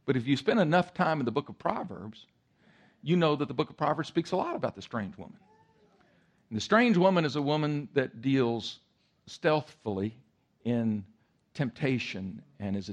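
A male pastor preaching a sermon, telling a story in a lively way and acting out voices and sounds. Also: medium pitch.

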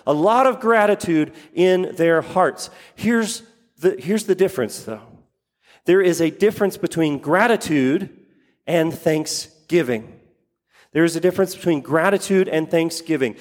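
A man's voice: a little high, in a large hall. A man preaching a sermon, repeating key phrases for emphasis and putting questions to his congregation. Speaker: pastor.

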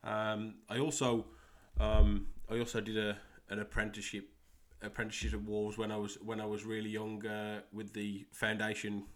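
A young English man with a West Midlands accent hosts his own soccer podcast alone. His voice sits low and stays fairly flat. He talks haltingly, repeating words and filling pauses as he goes. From England. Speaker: podcast host and soccer coach. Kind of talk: solo podcast monologue.

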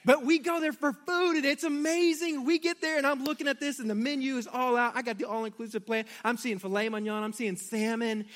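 Brisk and with few pauses, a middle-aged pastor preaches in an extremely high voice. He tells family stories with animation, turning directly to his congregation as he speaks.

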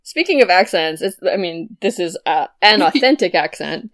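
A woman co-hosting a podcast, chatting in a relaxed, wry way with soft laughs. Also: on the low side, moderate pace, dry recording. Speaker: podcast co-host. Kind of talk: casual chat.

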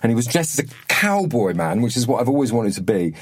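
A man's voice: medium pitch, sing-song, quick pace, slightly rough, dry recording, studio quality. A man, an actor, telling a wry, self-mocking story in casual chat, laughing along. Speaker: actor, podcast guest.

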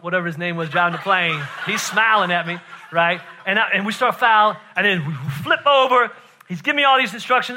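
A man preaches a sermon in a high, piercingly bright voice. He tells his story animatedly, laughs often and keeps checking in with "right?", and he sinks to a hushed, intense delivery for the serious points. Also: slight background noise.

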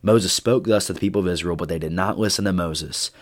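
Deep-voiced man teaching the Bible. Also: fast. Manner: earnest, conversational, with fillers and restarts. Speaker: youth pastor.

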